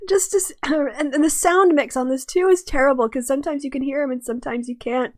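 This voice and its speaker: A woman's voice: sits high, steady tone, a little fast, few pauses, no echo. A woman hosting a casual video commentary, chatty and often breaking into laughter. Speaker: host.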